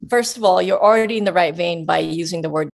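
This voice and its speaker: A woman guest coach giving casual advice, explaining in an emphatic, animated way. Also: lowish voice, fast, creaky.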